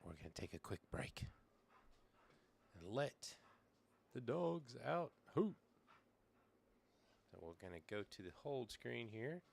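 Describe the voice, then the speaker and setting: Streaming from a small backyard shed with the air conditioner humming, a middle-aged man rambles casually through his setup, relaxed and thinking aloud with plenty of fillers. His mid-range voice is gravelly with a breathy edge, and he takes it slowly with long pauses. He's on a desk mic, sometimes leaning away.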